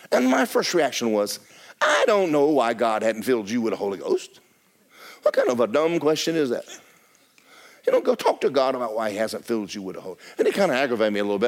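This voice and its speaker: Male pastor, lively swooping pitch, hushed-to-shouting sermon delivery. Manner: animated preaching, swinging from hushed to shouting. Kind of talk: storytelling sermon. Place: church sanctuary.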